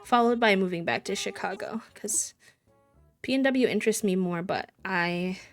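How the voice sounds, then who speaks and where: A woman's voice: mid-range voice, moderate pace, soft background music. A woman from Wisconsin chatting casually and rambling as a live streamer while she plays a video game. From Wisconsin, USA.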